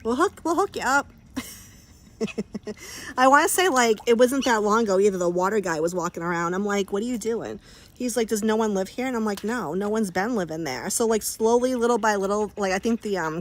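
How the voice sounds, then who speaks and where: A woman's voice: medium pitch, brisk. A woman chatting casually on a livestream from her backyard pool, laughing often and talking to her dogs.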